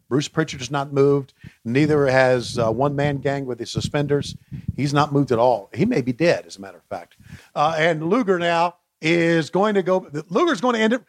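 A man with an Oklahoma accent co-hosting a wrestling podcast, calling the match play-by-play and getting excited. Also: medium pitch, slight background noise. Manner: excitable play-by-play, shouting counts. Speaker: podcast co-host.

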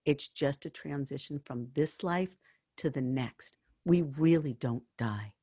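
A woman's voice: low-pitched, unhurried, dark tone, slightly rough, dry recording, clean studio sound. A woman working as a hospice and bereavement counselor, talking earnestly about faith and telling stories from her work. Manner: earnest, storytelling, spiritual. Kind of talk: conversational interview.

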